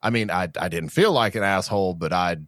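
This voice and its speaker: A man co-hosts a podcast, speaking bluntly and casually and swearing now and then. His voice sits very low. The sound is dry and close, with no room echo. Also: a little fast, fairly bright tone. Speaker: podcast co-host. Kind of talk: casual chat.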